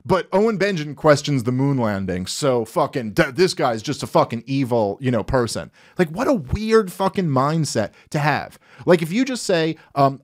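A man giving casual reaction commentary, ranting and swearing freely as he pauses a clip. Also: mid-range voice, big pitch swings. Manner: profane, ranting, impersonates others mockingly. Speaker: commentary host.

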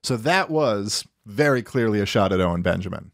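A man giving casual reaction commentary, ranting and swearing freely as he pauses a clip. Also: on the low side, lively intonation. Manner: profane, ranting, impersonates others mockingly. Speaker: commentary host.

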